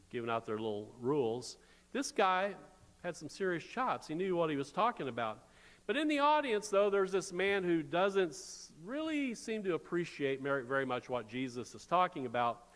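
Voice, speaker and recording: A man's voice: medium pitch, fairly bright tone. A man preaching a sermon as pastor, conversational, with wry asides. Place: church sanctuary. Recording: long church reverb.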